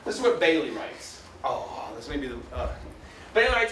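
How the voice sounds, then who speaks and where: A man's voice: fairly high pitch, very animated, moderate pace, a bit bright, slight background noise. A man giving a classroom lecture, chatty, often checking in with "right?". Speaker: university lecturer. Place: lecture hall. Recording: echoey lecture hall from far off.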